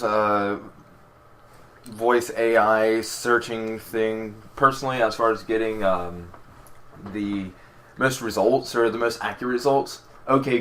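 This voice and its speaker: Lowish-voiced man joking and stumbling. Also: fairly bright tone, slight background noise. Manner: joking, halting with repeated false starts. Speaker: podcast co-host. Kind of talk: casual chat.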